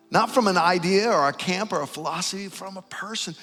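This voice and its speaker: Middle-aged man, pastor, sermon, animated, fairly high voice, faint music behind. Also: fairly quick, few pauses. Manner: animated storytelling, building to loud emphasis. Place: large church auditorium. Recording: long hall reverb, faint music.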